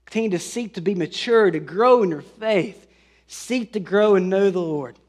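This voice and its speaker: A man delivers a sermon with a notably high-pitched voice. He speaks earnestly, stumbling over a few words and adding fillers, then lifts his voice to press home the scripture he quotes. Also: normal speed, a little mellow. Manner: earnest, with fillers and restarts, rising emphasis on scripture. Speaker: pastor.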